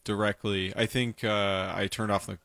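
A man's voice: on the low side, level tone, moderate pace, creaky, a bit bright, no room sound. Easygoing, hesitant man radio co-host. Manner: hesitant, easygoing, repeats words. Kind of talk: casual chat.

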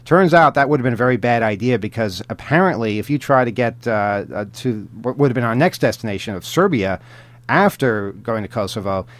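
A man's voice: mid-range voice, expressive, fairly quick, no echo. A man co-hosting a podcast, telling travel stories in casual chat, rambling with many fillers and restarts and chuckling often. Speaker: podcast co-host.

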